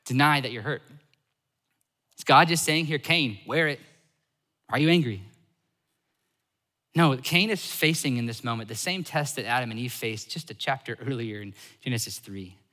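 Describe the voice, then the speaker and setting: A man preaching a sermon as a pastor, animated, switching between loud emphasis and soft asides. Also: medium pitch, moderate pace, in a large hall.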